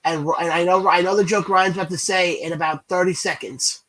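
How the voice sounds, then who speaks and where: A man's voice: high-pitched, steady tone, a little fast, fairly bright tone, poor audio. A man co-hosting a wrestling podcast who chats casually and talks straight to the listeners. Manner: chatty, addresses listeners as folks. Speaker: podcast co-host.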